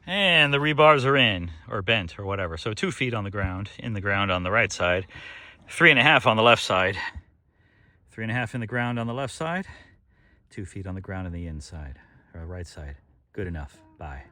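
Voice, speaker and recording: A man's voice: fairly low pitch, animated, normal speed, sharp tone, dry recording. A man narrating to himself while building outdoors on a slope, wry and joking, a little short of breath. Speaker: DIY builder vlogger. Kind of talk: casual self-narration while working.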